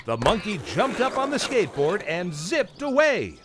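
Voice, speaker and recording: A man narrating a children's storybook in an animated, expressive way. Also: high-pitched, normal speed, noisy background. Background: music.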